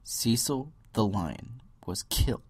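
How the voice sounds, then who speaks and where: A man's voice: medium pitch, expressive, slow, slightly rough, no echo. A young man hosting a solo podcast, ranting and mocking other views with impressions and sudden whispers. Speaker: podcast host. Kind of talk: solo political rant.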